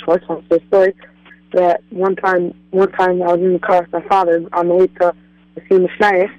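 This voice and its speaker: Young male caller, high flat voice, tinny phone line, repetitive telling. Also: no room sound. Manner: plain, slightly repetitive telling. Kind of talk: phone-in story.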